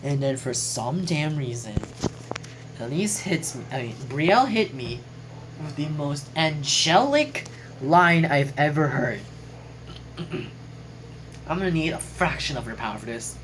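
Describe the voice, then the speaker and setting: Lively, rambling woman reading a quote journal. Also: deep voice, measured pace, long pauses, background noise. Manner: chatty, jokey, swears casually, trails off mid-sentence. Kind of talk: casual rambling recap.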